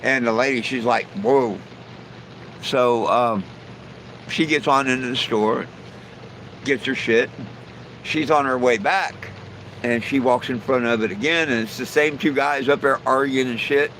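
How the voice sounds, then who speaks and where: A man's voice: medium pitch, unhurried, a bit bright, a little hiss or hum, low-quality recording. A man hosting a live stream, telling jokes in a folksy, rambling way with lots of "you know". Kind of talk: casual joke telling.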